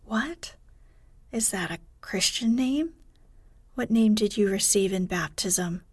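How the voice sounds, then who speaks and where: A woman reading the part of a stern, indignant housekeeper in a slow, soft bedtime storybook voice. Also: medium pitch, husky, no echo. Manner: severe, questioning.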